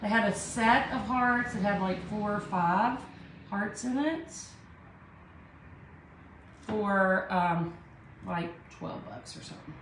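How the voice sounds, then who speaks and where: Slow-talking Southern woman in an echoey room. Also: mid-range voice, fairly bright tone, a little hiss or hum. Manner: chatty, self-deprecating, talks herself through each step. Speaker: art tutorial host. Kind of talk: live art tutorial, chatting with viewers.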